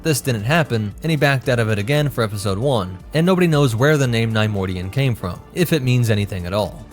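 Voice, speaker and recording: A man hosting a lore channel, giving brisk, informative scripted narration. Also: medium pitch, lively intonation, faint music behind.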